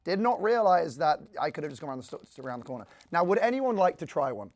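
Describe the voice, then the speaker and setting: A man's voice: on the high side, big pitch swings, fast, a little mellow. British man, podcast co-host, playful and teasing, laughs a lot. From United Kingdom. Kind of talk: casual chat.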